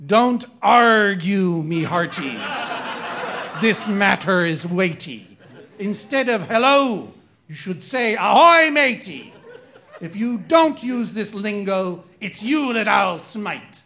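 A man's voice: high voice, big pitch swings, takes it slowly, noisy background, heavily acted. A man putting on an aggressive blustering pirate. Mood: bossy. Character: aggressive bossy male pirate.

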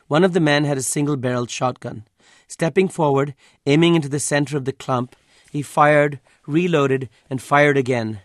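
A man reading a literary story aloud as an audiobook narrator, measured and even. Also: medium pitch, no room sound, clean studio sound.

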